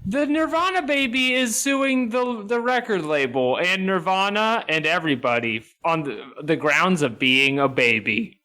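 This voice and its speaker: A man's voice: sits high, measured pace, few pauses, pushed and bright. A man co-hosting a podcast, riffing in casual comedic chat with mock outrage and swearing. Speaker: podcast co-host.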